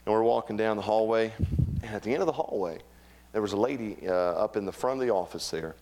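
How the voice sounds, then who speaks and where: A middle-aged man preaching a sermon, animated and humorous, with acted-out quotes. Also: lowish voice, fast. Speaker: pastor.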